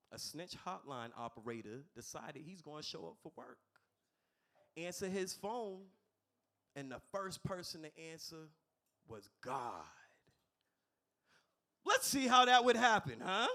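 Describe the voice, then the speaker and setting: Animated high-voiced stand-up comic. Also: male voice. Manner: animated, playful, crowd-engaging. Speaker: stand-up comedian. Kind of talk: stand-up comedy set. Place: comedy club stage.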